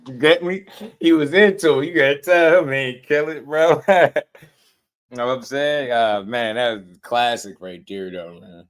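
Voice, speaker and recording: A man's voice: mid-range voice, normal speed. A man hosting a boxing channel in casual chat, talking in laid-back slang and laughing often.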